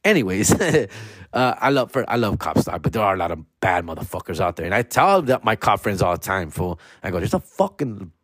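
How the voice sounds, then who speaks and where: A man's voice: low-pitched, expressive, fairly quick, a bit bright, dry recording, studio quality. A man telling stories in a casual monologue, full of swearing and street slang. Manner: profane slangy banter. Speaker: storyteller host.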